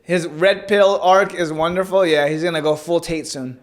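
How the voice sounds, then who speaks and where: High-voiced guy on a podcast, joking around, loud slangy reactions. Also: steady tone, normal speed. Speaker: podcast co-host. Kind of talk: casual chat.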